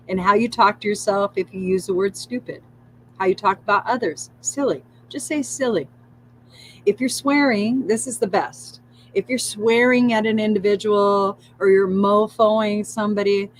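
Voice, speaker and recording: A woman leads her live spiritual session in a calm, coaxing voice, repeating soft affirmations in a steady chant. She drops casual curses into the guidance. A faint hum sits under the recording. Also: mid-range voice, rough recording. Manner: soothing, repetitive affirmations with swearing and laughter. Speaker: spiritual livestream host.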